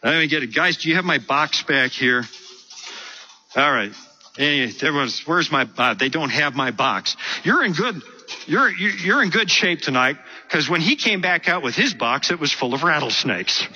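A man preaching a sermon, telling stories with lively acted-out quotes. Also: on the high side, normal speed, slightly rough. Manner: animated, storytelling with acted quotes. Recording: muffled lo-fi sermon recording.

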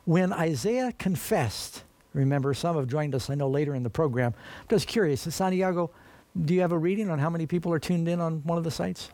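A man's voice: a little high, a little fast, a little mellow. A man preaching a sermon in an earnest, emphatic way, speaking to his listeners as friends.

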